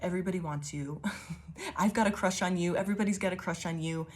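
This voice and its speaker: Speaking quickly in a voice on the low side, a woman reads tarot casually for her viewers. Between rambling, frequent swearing, and laughter, she affirms them constantly and calls them babies.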